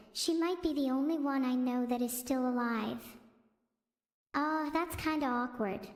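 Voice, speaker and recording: A woman's synthetic text-to-speech voice hosting a stream, chirpy and self-centred with deadpan quips. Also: sits high. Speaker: AI streamer host. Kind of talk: stand-up style stream chat. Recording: roomy echo with long reverb.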